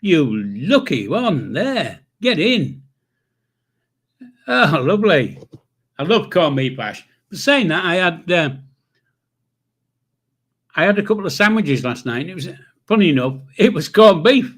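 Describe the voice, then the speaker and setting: An older livestream host talks at a normal speed in a high, somewhat bright voice, very animated and pausing often. He reads comments and chats loosely with viewers, rambling, swearing casually and chuckling to himself.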